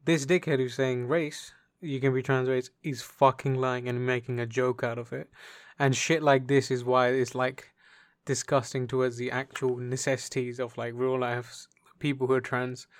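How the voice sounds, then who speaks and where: Young man, casual podcast chat, blunt and sweary, smooth clear voice, dry sound. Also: mid-range voice, flat delivery, normal speed, few pauses, no echo. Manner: blunt, sweary, laughs often. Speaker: podcast co-host.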